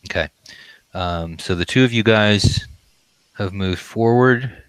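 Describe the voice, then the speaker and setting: A man's voice: on the low side, clean tone, no echo, poor audio. A man acting as dungeon master, narrating a tabletop game with many ums and uhs. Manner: halting, full of ums and uhs. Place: home game room on camera.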